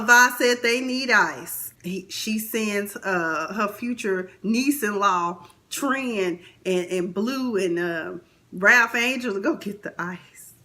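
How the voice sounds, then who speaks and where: A woman with a bright, pushed, mid-range voice hosts a casual TV recap. She chats and performs the characters' lines, swinging her voice widely.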